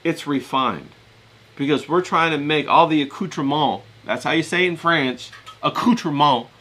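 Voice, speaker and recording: A man's voice: on the high side, normal speed, pushed and bright. A man with a self-described hillbilly Southern US accent, hosting a casual livestream and chatting straight to his viewers in a loose, rambling way. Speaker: livestream host.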